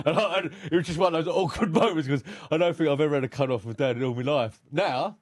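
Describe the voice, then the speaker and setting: A man's voice: a little high, fast, few pauses, darkish tone, no room sound, studio quality. A man, a podcast guest recounting his life frankly and with feeling, swearing freely. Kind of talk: candid personal storytelling.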